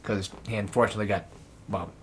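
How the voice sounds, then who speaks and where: A young man with a husky, slightly bright voice chats casually while playing a co-op game. His intonation stays fairly even and his pace is quick as he rambles through retellings of cartoon scenes, laughing often and quoting lines in high put-on voices.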